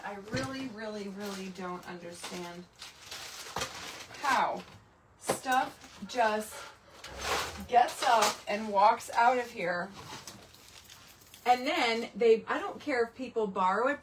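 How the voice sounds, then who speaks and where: A woman's voice: on the high side, slow, long pauses, noisy background. A woman hosting a casual crafting livestream, exasperated and talking to herself and her chat as she works.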